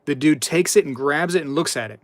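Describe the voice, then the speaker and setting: A man's voice: fairly high pitch, brisk, no room sound. A man hosting a casual live stream, reading chat messages aloud and telling stories in a chatty, repetitive way. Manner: chatty, repeats himself, reads chat aloud, tells anecdotes. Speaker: livestream host.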